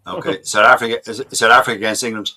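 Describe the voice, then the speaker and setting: Guy hosting a rugby panel on a call, bright voice, quick quizmaster manner, lots of uhs. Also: on the low side, fairly even intonation. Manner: brisk quizmaster, hesitant fillers. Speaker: podcast host. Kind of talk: casual panel chat. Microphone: video call.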